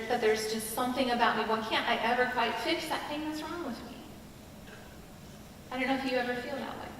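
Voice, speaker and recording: A middle-aged woman giving an earnest, confiding personal testimony as a chapel speaker, with pauses and restarts. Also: a little high, fairly bright tone, slight background noise. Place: school chapel hall. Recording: echoey hall from a distant mic.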